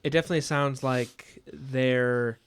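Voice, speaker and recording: A man's voice: mid-range voice, fairly even intonation, unhurried, smooth. A man co-hosting a podcast, thinking aloud about a book in casual chat, often stammering and repeating words. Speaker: podcast co-host.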